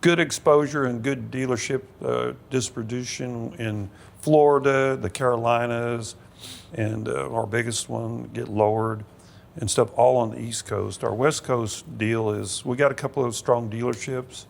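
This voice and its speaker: Male guest, gravelly low voice, relaxed agreeable chat, faint room noise. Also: measured pace. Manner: easygoing, agreeable, frequent "yeah". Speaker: guest, motorcycle parts business owner. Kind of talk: casual interview chat.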